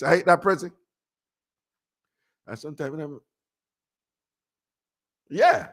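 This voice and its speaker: A man hosting a radio show, telling a story in casual chat, animated and laughing often. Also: fairly high pitch, moderate pace, gravelly, pauses often. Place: radio studio.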